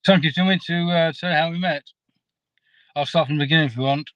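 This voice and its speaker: A man telling a story in a rambling, halting way, full of restarts, as a guest in a casual chat. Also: on the high side, steady tone, a bit bright, no room sound, dull audio. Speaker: guest caller.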